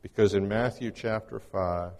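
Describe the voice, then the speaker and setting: A man's voice: fairly low pitch, fairly even intonation, normal speed, darkish tone. Man preaching in a reverberant church. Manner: conversational, folksy teaching with scripture readings. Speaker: guest preacher. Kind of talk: sermon.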